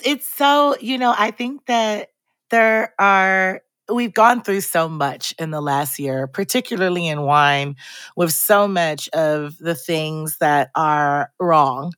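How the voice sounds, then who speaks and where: A woman's voice: sits low, fairly bright tone, dry recording. A woman hosting an interview, chatty and enthusiastic, acting out little quotes as she talks. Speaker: podcast host. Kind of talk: casual interview chat.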